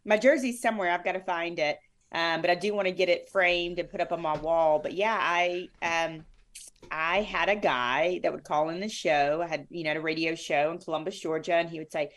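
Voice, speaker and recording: A middle-aged woman talking as a guest in an interview, bubbly and over the top. Her voice sits a little low, and her stories come out in an effusive, animated rush. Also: fairly quick. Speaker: guest, former sportscaster. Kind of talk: conversational interview.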